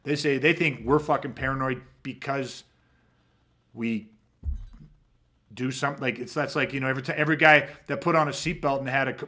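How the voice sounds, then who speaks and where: A man's voice: medium pitch, steady tone, normal speed, sharp tone. A man hosting a podcast, talking in a blunt, emphatic, profane way. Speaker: podcast host. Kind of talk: casual podcast talk.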